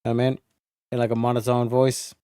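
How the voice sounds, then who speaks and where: A man's voice: medium pitch, monotone, fast talker, warm tone, smooth, dry recording, clean studio sound. Blunt, profane male streamer. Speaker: streamer reacting to footage. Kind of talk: crude live-stream commentary.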